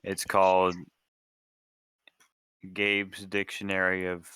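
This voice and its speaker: A man chatting casually as a podcast guest over a voice call, pausing and restarting his sentences often. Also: low voice, completely flat delivery, pushed and bright, smooth, no room sound, poor audio. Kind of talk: casual chat.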